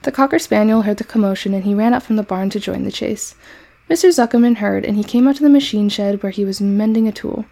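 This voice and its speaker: Mellow gravelly-voiced woman reading aloud. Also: mid-range voice, quick pace. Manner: expressive storybook reading. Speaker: storyteller. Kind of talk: reading a children's book aloud.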